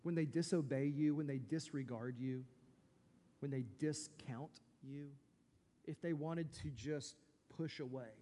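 A man's voice: on the high side, measured pace, dark tone. A man preaching a sermon as pastor, emphatic and full of rhetorical questions. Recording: long reverb from a large hall.

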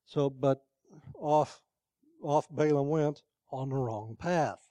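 A man's voice: medium pitch, slow pace, warm tone, no room sound. An older man preaching a sermon in a conversational storytelling way, asking the congregation questions.

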